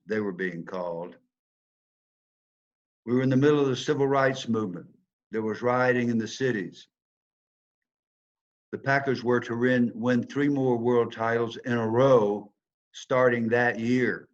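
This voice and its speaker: An older man with a Southern accent tells his story with a storyteller's sense of drama. He pushes some lines out loud and lets others drop almost to a whisper. His voice sits low and comes through a dull, lo-fi recording. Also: moderate pace. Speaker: speaker telling a personal story. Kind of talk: storytelling talk.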